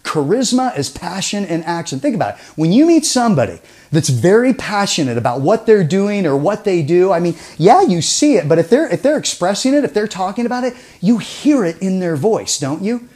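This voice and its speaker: An animated man presenting a persuasion seminar in a fairly high voice that rises and falls a lot. He peppers the audience with rhetorical questions and drops to a near-whisper to make a point. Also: a little fast. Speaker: communication trainer.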